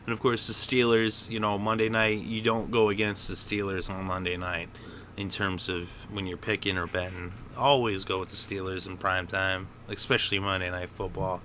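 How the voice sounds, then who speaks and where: A man hosting a football picks show talks through the week's games in a lowish voice with a bright, forceful edge. He is opinionated and easily worked up into a rant. Faint background noise sits under his voice. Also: little pitch movement, normal speed. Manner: opinionated, gets worked up and ranting. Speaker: sports picks host. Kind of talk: solo sports commentary.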